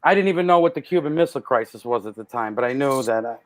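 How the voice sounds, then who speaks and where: A man's voice: rapid-fire, over a noisy crowd. A man as a podcast guest, telling anecdotes in casual chat and acting out the people he quotes. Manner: animated, acts out quotes with loud jumps in pitch. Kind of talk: casual storytelling.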